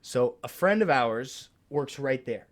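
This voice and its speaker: A man's voice: mid-range voice, slow pace. A man co-hosting a casual podcast chat, telling a story with lots of swearing and acting out what others said, with a New York accent. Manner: animated storyteller, swears often, acts out other people's lines. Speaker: podcast co-host.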